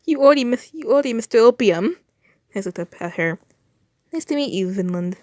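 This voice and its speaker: A woman's voice: a little high, animated, a little fast, a little mellow, dry recording, clean studio sound, pitched above the performer's own voice, lightly acted. Woman putting on a smug ancient nation character. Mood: mocking. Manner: teasing, snickering. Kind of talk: reading fanfiction aloud.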